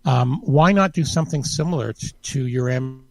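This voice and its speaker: A man's voice: mid-range voice, moderate pace, creaky. Hesitant man co-hosting a podcast. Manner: hesitant, many restarts and "you know". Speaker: podcast co-host. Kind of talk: casual chat.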